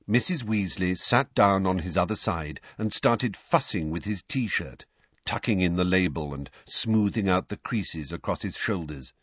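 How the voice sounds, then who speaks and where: A man narrating a novel aloud in an expressive storytelling manner, in a dull lo-fi recording. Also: low-pitched, measured pace, slightly rough, dry recording. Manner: expressive storytelling with many character voices. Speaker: audiobook narrator. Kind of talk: scripted narration.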